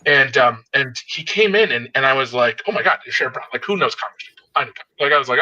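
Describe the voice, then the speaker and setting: Fast-talking man with a very bright voice. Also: a little high, dull audio. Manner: rambling storyteller with many fillers. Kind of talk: casual political banter.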